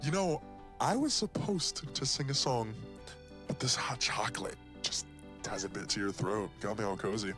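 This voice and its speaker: A man voicing a casual, opinionated monster in a game, ranting with mock seriousness and leaping up in pitch for emphasis. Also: moderate pace, close to an everyday voice. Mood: laid-back. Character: rambling casual male monster, easygoing and opinionated. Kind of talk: game character dialogue. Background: game music.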